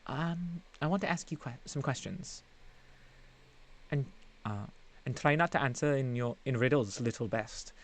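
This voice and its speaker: A streamer voicing a young female adventurer in a flat, matter-of-fact, slightly impatient way. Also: medium pitch, measured pace, pauses often, close to an everyday voice. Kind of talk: live-streamed game voice acting.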